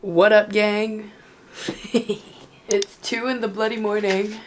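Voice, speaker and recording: This study vlogger, a tired young Australian woman, talks to her audience late at night from home, chatty and joking. Her medium-pitched delivery is flat and slow, over slight background noise.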